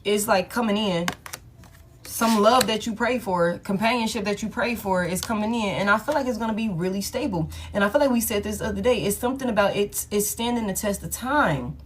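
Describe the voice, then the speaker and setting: A woman's voice: medium pitch, fairly quick, slight background noise. Woman, 30s, tarot-stream host; blunt, profane, laughing, casual delivery. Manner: candid and profane, laughs often, talks straight to her viewers. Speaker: tarot reader hosting a live stream.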